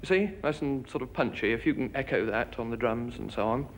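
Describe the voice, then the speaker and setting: A man leading a jazz band rehearsal, giving casual, halting instructions. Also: medium pitch, slight background noise.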